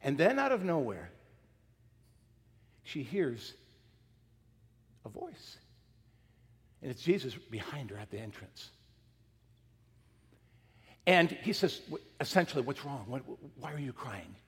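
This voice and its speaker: A man preaching a sermon, retelling a story with acted quotes and dropping from loud emphasis to near-whispers. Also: medium pitch, big pitch swings, slow pace, pauses often, breathy edge, in a large hall. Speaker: pastor.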